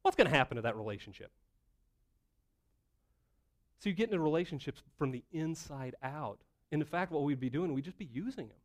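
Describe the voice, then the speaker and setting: A middle-aged male pastor preaching a conversational sermon, animated and full of rhetorical questions. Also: mid-range voice.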